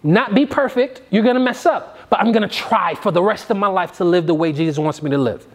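A man's voice: high voice, brisk. A man preaching a sermon with an emphatic, repetitive cadence.

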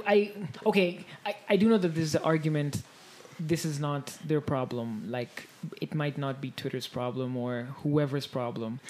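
A woman's voice: low-pitched, mellow. A woman co-hosting a podcast in casual chat, laughing often and shrieking when amused. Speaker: podcast co-host.

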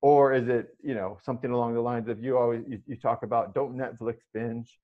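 Male interviewer, halting and rambling delivery, dull lo-fi recording. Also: medium pitch, fairly even intonation. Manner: hesitant, rambling with fillers and restarts. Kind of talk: conversational interview. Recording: slightly dull, lo-fi audio.

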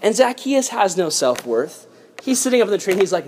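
A young adult man preaching a casual, lively youth sermon. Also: sits high, brisk, a little hiss or hum. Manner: lively, casual storytelling with slang. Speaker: youth pastor.

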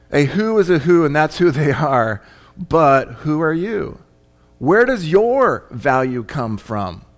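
A male pastor preaching a conversational sermon, often asking his congregation questions. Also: fairly high pitch. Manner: chatty, asks the congregation questions.

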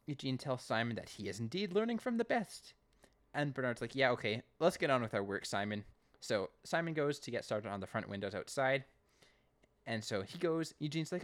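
A man's voice: medium pitch, big pitch swings, fairly quick. A Canadian man co-hosting a podcast, casually recapping an episode and acting out lines in raised voices. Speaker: podcast co-host.

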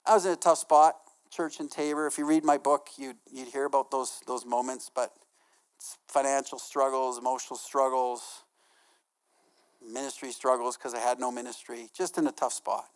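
Middle-aged male pastor, animated sermon delivery, acts out quotes, softens for stories. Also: mid-range voice, normal speed, clean tone. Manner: lively, acts out quotes with laughs.

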